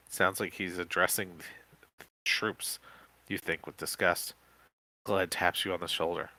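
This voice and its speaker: A man co-hosting a podcast, reading an interactive horror book aloud live with quick self-corrections. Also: low voice, bright, forceful tone, dry recording. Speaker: podcast co-host.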